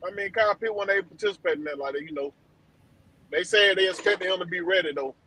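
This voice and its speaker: A high-pitched man chatting casually as a guest, easygoing and repeating phrases as he goes. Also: fast, bright, forceful tone, a little hiss or hum, rough recording. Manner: laid-back, repetitive. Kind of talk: casual chat.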